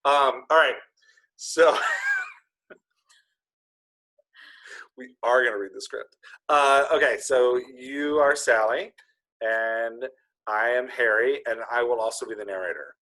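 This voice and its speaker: A man's voice: medium pitch, takes it slowly, long pauses, bright, forceful tone. A man hosting a podcast, chatting casually in a rambling, jokey way that often corrects itself. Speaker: podcast host. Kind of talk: casual chat.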